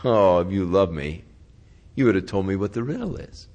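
A man's voice: low voice, animated, normal speed, dark tone, voice pushed down. A male preacher voicing a young bride who sulks and pleads in a tearful, accusing way. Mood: pleading.

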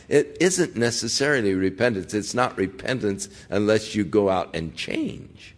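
A middle-aged male pastor who talks in an easy, conversational way. His unhurried delivery gives each point room. He slips into the voices of the people he describes to make his point. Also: lowish voice, animated. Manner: conversational preaching, acting out quoted voices. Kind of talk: sermon.

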